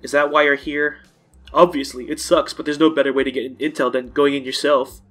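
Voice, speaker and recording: A man's voice: mid-range voice, flat delivery, a little fast, fairly bright tone, faint music behind, close to an everyday voice. A man reading aloud a paranoid, conspiratorial teenage schoolboy who speaks curtly and suspiciously. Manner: curt, suspicious, blunt. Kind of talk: reading game dialogue aloud.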